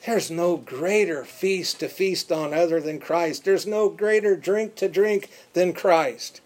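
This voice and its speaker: Emphatic male preacher, slightly high voice. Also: takes it slowly, darkish tone. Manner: emphatic, repeating words for stress. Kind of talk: sermon.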